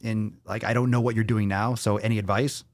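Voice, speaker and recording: A man's voice: fairly low pitch, level tone, brisk, no room sound, clean studio sound. A man hosting a casual livestream fitness Q&A, talking in a blunt, profane, off-the-cuff way. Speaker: fitness podcast host.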